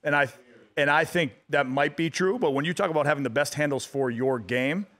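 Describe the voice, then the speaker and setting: A man's voice: a little high, fairly quick. Guy in his 30s on a radio show, laid back, lots of uh and you know. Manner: relaxed storyteller, lots of fillers and restarts. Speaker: guest athlete. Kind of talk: casual radio interview.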